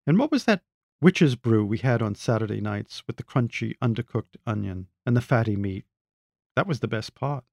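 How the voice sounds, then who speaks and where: A man reading the lines of a sardonic, mocking relative with a taste for fancy words, in a gravelly voice. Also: medium pitch, lively intonation, moderate pace, a little mellow, dry recording, clean studio sound. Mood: needling. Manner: mocking, pedantic wit. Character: sardonic middle-aged man, witty and needling. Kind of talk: reading own short story aloud.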